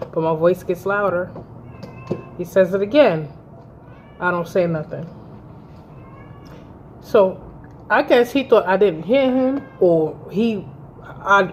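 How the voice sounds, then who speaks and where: A woman around thirty telling a story to camera in a vlog, blunt and animated, with heavy swearing. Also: medium pitch, a little hiss or hum. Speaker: vlogger. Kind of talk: storytime vlog, recounting a fight.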